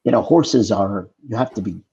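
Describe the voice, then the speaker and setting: A middle-aged actor telling casual behind-the-scenes stories as a talk show guest, with animated storytelling. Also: male voice, lowish voice, moderate pace, husky, muffled recording. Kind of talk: casual anecdotes on a video call talk show.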